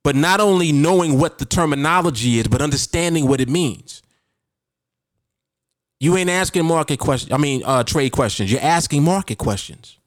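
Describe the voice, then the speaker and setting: Animated, emphatic man hosting a podcast. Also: a little high, moderate pace, no room sound, clean studio sound. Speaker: podcast host and trading coach. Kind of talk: casual motivational talk.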